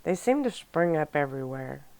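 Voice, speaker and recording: Soft-spoken asmr reading, woman, low voice, slow and smooth. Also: no room sound. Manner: calm, even first-person storytelling. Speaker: audiobook narrator.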